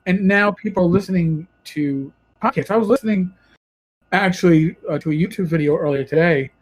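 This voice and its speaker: A man's voice: sits high, fairly quick, low-quality recording. A man with a New York accent hosting a podcast, chatting in a rambling, self-correcting way. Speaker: podcast host. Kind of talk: casual podcast chat.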